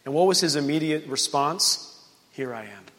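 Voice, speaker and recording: A man pastor preaching at a midweek prayer service, retelling a Bible story in lively fashion and acting out its dialogue. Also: a little high, moderate pace, long reverb tail.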